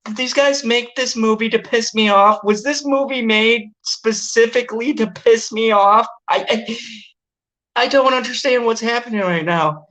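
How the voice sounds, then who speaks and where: Ranting, exasperated woman reviewing movies. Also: a little slow. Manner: exasperated, swearing, ranting with animated pitch jumps. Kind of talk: casual movie review chat.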